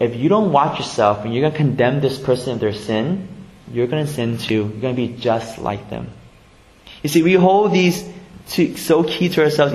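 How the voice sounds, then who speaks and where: A man preaching a sermon as pastor, in a casual, conversational way that swings between hushed emphasis and lively bursts. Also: medium pitch, reverberant, low-quality recording. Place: church sanctuary.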